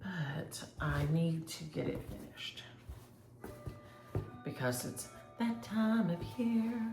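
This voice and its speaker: A woman's voice: fairly low pitch, lively intonation, takes it slowly, echoey room, music in the background. A woman chatting casually and rambling as she shows her cross-stitch projects to viewers. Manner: chatty, rambling, thinks aloud. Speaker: flosstube host.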